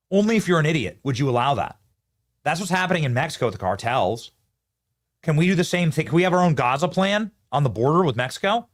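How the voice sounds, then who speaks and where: A man hosting a live political commentary show, riffing animatedly and talking to his producers and chat. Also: medium pitch.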